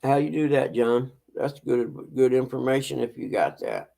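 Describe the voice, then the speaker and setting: Casual male stream host, very gravelly with an animated delivery, greets his chat by name. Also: mid-range voice, normal speed, poor audio. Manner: chatty, greets viewers by name. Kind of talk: casual live-stream chat, reading out messages.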